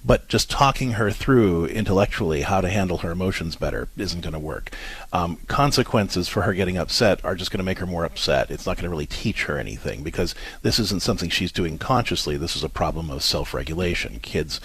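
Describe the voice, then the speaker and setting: A man with a low, husky voice talks through parenting advice in an earnest, explanatory way. He stumbles and restarts often. The sound is close and dry. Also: lively intonation, brisk, no echo. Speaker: parenting show co-host. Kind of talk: advice talk.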